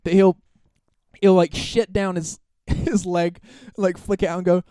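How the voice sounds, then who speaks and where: A man's voice: sits high, little pitch movement, unhurried, dark tone, clean tone, dry recording, clean studio sound. A man hosting a solo podcast, talking casually in long, rambling, profane stretches full of restarts and laughs. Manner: laughs through his stories. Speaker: podcast host.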